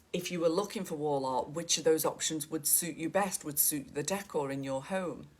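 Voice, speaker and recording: A woman's voice: on the low side, fairly bright tone, breathy edge. A middle-aged woman giving a chatty, direct coaching talk to photographers and calling them "guys".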